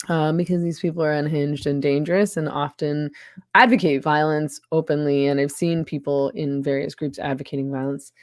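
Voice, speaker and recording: A woman hosts a casual talk show with a sardonic edge, laughing often and tripping over restarts. Her voice sits low for a woman. The sound is dry and close, with no room echo. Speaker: podcast host. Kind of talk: casual conversation.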